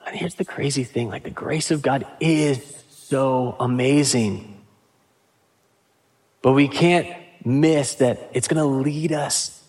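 A man's voice: mid-range voice, darkish tone. Conversational man preaching a sermon. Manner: conversational preaching with casual asides. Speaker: pastor.

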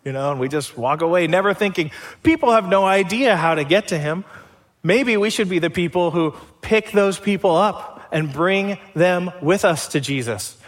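A man's voice: sits high, moderate pace, long reverb tail. A man preaching a sermon as pastor, conversational, with rhetorical questions.

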